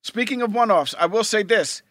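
A man's voice: high voice, moderate pace, fairly bright tone. A man co-hosting a podcast, talking casually with laid-back slang and repeating phrases for emphasis. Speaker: podcast co-host. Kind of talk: casual chat.

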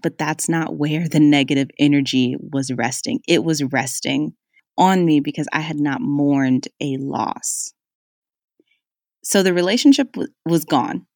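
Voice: medium pitch, no echo, studio quality. A podcast host telling a reflective personal story in a casual, chatty way, full of "like" and "y'all".

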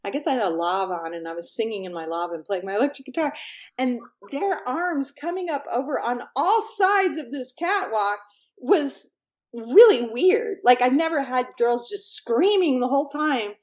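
A middle-aged woman musician from Texas, chatting as an interview guest and telling lively stories, acting out quotes and laughing often. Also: high voice, moderate pace. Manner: animated storyteller, laughs often, acts out quotes. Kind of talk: casual interview chat.

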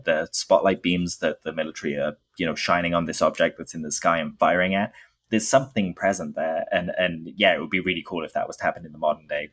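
A man co-hosting a podcast with a very low, husky voice. He tells his story in an eager, casual way. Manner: enthusiastic, storytelling. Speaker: podcast co-host.

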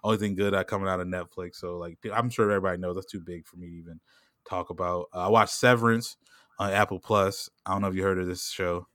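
A man's voice: low-pitched, fairly even intonation, a bit bright, no room sound, clean studio sound. A man talking in casual podcast chat, rambling with lots of fillers and laughing often. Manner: rambling, heavy "like" and "you know what I'm saying"; laughs often and puts on quick voices when quoting people.

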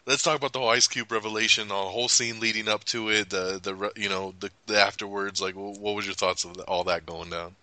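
A man hosting a casual movie review podcast, retelling scenes with loud acted-out lines. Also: fairly low pitch, quick pace, few pauses, dry recording. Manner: animated, acts out scenes with loud quoted lines. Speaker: podcast host.

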